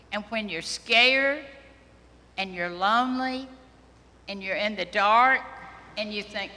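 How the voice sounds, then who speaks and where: A woman priest giving a children's sermon, talking slowly and gently and asking the children questions. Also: mid-range voice. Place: church sanctuary. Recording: long church reverb.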